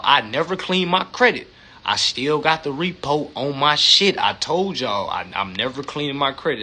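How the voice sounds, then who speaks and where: A man talking casually and profanely on a livestream, animated and acting out phone calls. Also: mid-range voice, breathy edge. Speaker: social media live host.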